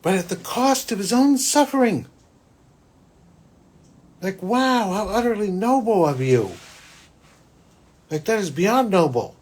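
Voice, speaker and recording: A man, a psychic hosting his own show, telling a personal story in a rambling, restarting way that swings between loud and hushed. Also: high voice, animated, takes it slowly, long pauses. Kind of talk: spiritual podcast monologue, personal storytelling.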